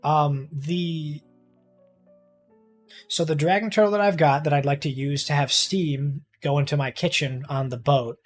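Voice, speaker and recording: A young man talks casually to his stream viewers while gaming, his voice sitting a little higher than most men's. He rambles and restarts his thoughts, swears freely and gets excited easily. Faint music plays behind him. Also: a little slow. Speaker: livestreamer.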